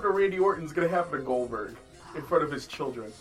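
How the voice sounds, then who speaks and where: A man hosting a casual podcast chat, swearing freely and laughing as he tells animated stories. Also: a little high, fast, husky, faint music behind. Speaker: podcast host.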